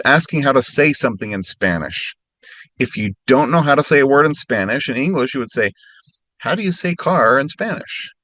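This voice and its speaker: A man teaching a recorded language lesson, giving clear instructions and slowing right down when he models practice phrases. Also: medium pitch, a bit bright, dry recording.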